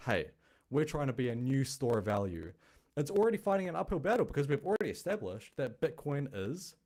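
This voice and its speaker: Speaking in a medium pitch with a slightly mellow quality, a man with a noticeable non-American accent hosts a crypto show. His casual explainer talk is blunt and chatty, and he thinks aloud.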